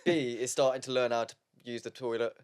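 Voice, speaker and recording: A man's voice: medium pitch, steady tone, fairly quick, clear, resonant tone. A man co-hosting a casual dads' podcast, rambling through anecdotes and laughing as he talks. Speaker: podcast co-host. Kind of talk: casual chat among dads.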